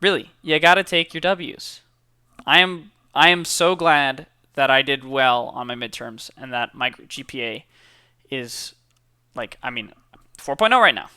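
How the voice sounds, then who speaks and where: A man's voice: mid-range voice, measured pace, sharp tone, clear, resonant tone, dry recording, studio quality. A young man, a college student, chatting casually and upbeat to camera, with lots of fillers and repeated words. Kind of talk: casual motivational chat to camera.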